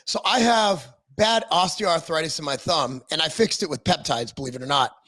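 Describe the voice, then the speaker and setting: A man hosting a casual talk stream, telling profane, animated stories about running his business. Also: on the high side, normal speed. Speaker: podcast co-host; business owner. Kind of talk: casual chat.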